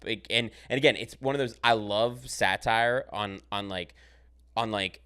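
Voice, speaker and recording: A man's voice: fairly low pitch, fairly even intonation, measured pace, sharp tone, clean tone. A man hosting a podcast in casual chat, rambling and swearing freely as he tells stories. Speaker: podcast host.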